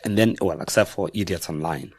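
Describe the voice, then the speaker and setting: On a podcast interview, a guest author, a middle-aged man with a South African accent and a fairly low voice, recounts personal experiences. His pace is halting and thoughtful, with frequent mid-sentence self-corrections, and the close, dry sound has no echo and little room reflection.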